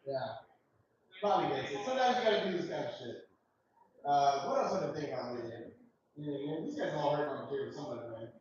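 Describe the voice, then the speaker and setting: Man, high voice, crude stand-up host, echoey club room, far from the mic, dull sound. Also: quick pace, a little hiss or hum. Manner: crude, animated, loud storytelling. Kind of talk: stand-up comedy set. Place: comedy club open mic.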